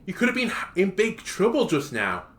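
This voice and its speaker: A man voicing a blunt, steady schoolboy. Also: sits high, moderate pace, voice pushed up, full character voice. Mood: scolding. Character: calm, blunt teenage schoolboy, steady protector. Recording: echoey room.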